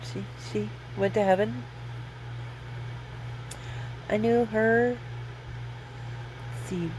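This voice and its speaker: Rambling, slow-talking woman in her fifties. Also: on the low side, gravelly, a little mellow, a little hiss or hum, low-quality recording. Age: 50s. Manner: rambling, self-deprecating, laughs often. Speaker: vlogger. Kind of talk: casual storytelling vlog.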